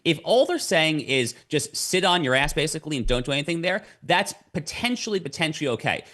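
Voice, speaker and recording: A man's voice: a little high, animated, brisk, pushed and bright. A man as a podcast guest, explaining at length in a lecturing way and repeating words as he starts his sentences. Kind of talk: explanatory conversation.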